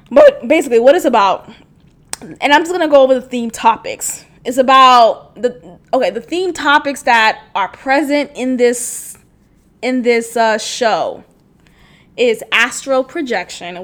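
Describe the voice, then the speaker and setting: A woman hosting a podcast in casual chat, animated and profane, laughing often and swinging from loud outbursts to quiet asides. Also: fairly high pitch, measured pace. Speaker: podcast host.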